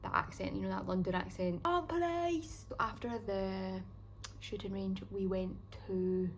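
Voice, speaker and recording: A woman's voice: medium pitch, monotone, moderate pace, slight background noise, poor audio. Chatty young Scottish woman vlogging. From Scotland. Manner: chatty and upbeat, with frequent "like" fillers. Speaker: travel vlogger. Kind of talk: casual travel vlog chat.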